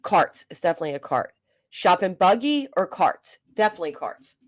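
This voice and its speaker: A woman's voice: fairly low pitch, very animated, a little fast. A woman, hosting a casual livestream, reading comments and joking bluntly with swearing. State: coughing. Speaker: livestream host.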